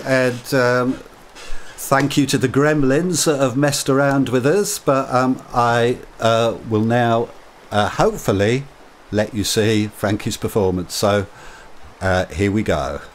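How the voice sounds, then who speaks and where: A man's voice: mid-range voice, slow, slight background noise. A man hosting an online event, hesitantly introducing the next performance. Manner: hesitant, with many fillers.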